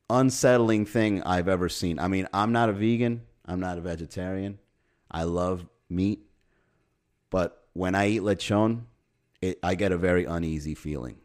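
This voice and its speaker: A low, darkish male voice carries this casual podcast monologue. The host is sarcastic and wry, swears offhandedly, and chuckles at his own humor.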